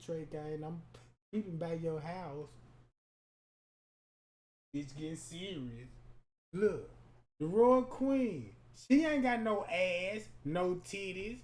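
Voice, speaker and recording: A man giving profane comedic roast commentary that is loud, crude and mocking, with sudden shouts. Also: high-pitched. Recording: roomy echoey room.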